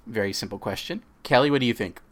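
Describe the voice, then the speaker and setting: A man's voice: lowish voice, fast, fairly bright tone. A man hosting a podcast, chatting casually and reading a story aloud. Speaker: podcast host.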